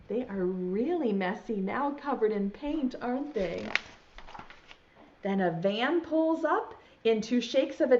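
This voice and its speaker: Animated slow-talking preschool teacher woman. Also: on the high side. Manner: animated, slow and sing-song, talks straight to children. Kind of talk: storybook read-aloud for preschoolers. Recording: dull lo-fi sound.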